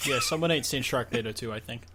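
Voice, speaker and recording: A man's voice: mid-range voice, fast talker, background noise. A man co-hosting a podcast, joining in with joking, teasing banter. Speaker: podcast co-host. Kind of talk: casual podcast chat.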